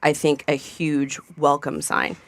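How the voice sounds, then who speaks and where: A woman's voice: low voice, measured pace. A woman chef talking casually on a radio panel, rambling with plenty of fillers. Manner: chatty, rambling with many fillers. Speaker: chef guest. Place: radio studio.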